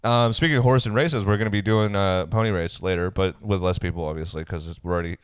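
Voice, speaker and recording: A podcast co-host with a deep, clear, resonant voice talks at a quick pace while casually recapping a reality show. He laughs as he acts out quotes, and the recording has no echo.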